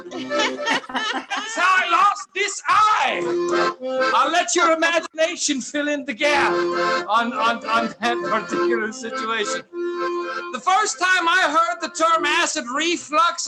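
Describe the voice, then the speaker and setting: A man with a French accent doing stand-up one-liners and puns, loudly shouting his punchlines. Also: very high voice. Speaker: stand-up comedian. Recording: loud accordion music behind.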